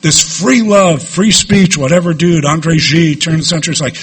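Husky New man telling his story. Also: on the high side, moderate pace. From New York. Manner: candid storytelling with lively asides. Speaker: recovery speaker. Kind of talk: personal recovery talk to a group.

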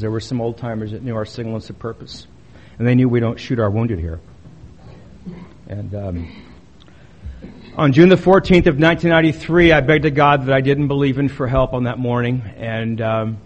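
A man's voice: mid-range voice, slight background noise. Blunt, wry man telling his recovery story. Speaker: speaker at a recovery meeting. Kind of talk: personal testimony talk.

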